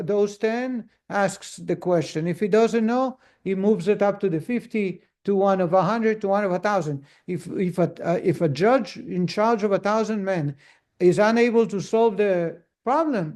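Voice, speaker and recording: High-voiced man teaching a lesson. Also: moderate pace, darkish tone. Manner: storytelling, asks the audience questions. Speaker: rabbi teaching a class. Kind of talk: conversational Torah lesson.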